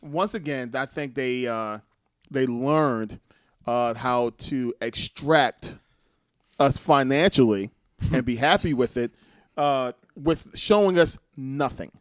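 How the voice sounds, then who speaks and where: A man co-hosting a casual group podcast, talking in quick animated bursts and laughing often. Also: mid-range voice, dry recording, studio quality. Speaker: podcast co-host.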